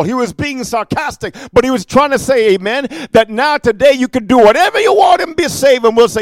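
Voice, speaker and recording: A preacher giving a fiery sermon, firing off rebukes and rhetorical questions with repeated "amen" and "huh", moving between quiet storytelling and loud warnings. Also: male voice, very high voice, lively intonation, quick pace, hardly any pauses, dry recording.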